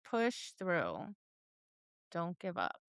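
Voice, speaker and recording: A woman co-hosting a dog training podcast, chatting casually and acting out her students and dogs in lively voices. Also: fairly low pitch, extremely slow, clear, resonant tone, no echo. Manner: animated storyteller, acts out voices, laughs and swears. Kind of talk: casual chat.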